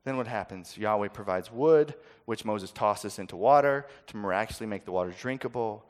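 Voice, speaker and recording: A man preaching a sermon, swinging from loud, dramatic quoting to soft, intimate asides. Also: lowish voice, fairly quick, hardly any pauses.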